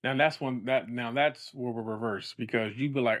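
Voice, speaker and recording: A man's voice: medium pitch, fairly even intonation, moderate pace, fairly bright tone. A man co-hosting a podcast, chiming in with teasing, jokey remarks. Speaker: podcast co-host. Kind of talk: casual chat.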